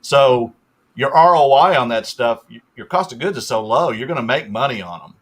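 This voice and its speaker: A man's voice: mid-range voice, lively intonation, moderate pace. A man in his sixties, a guest on a reselling livestream, who chats casually and explains at length, trailing off as he goes.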